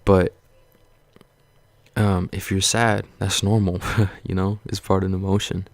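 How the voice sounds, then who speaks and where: A man's voice: deep voice, little pitch movement, measured pace, no room sound. A man vlogging a casual, earnest pep talk, blunt and profane, circling back over the same points again and again. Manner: blunt, profane, rambling and repetitive; earnest, reassuring. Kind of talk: casual motivational rant to camera.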